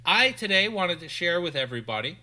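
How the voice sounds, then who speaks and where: A man's voice: sits high, sing-song, fairly quick, pushed and bright. A man co-hosting a podcast, casually recapping a film scene by scene. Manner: recaps scenes, quoting lines in put-on voices. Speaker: podcast co-host. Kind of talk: casual movie recap chat.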